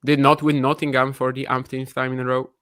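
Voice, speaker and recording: A man's voice: medium pitch, level tone, fairly quick, fairly bright tone. A man co-hosting a casual chat on a call, chatty and opinionated, often laughing. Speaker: co-host.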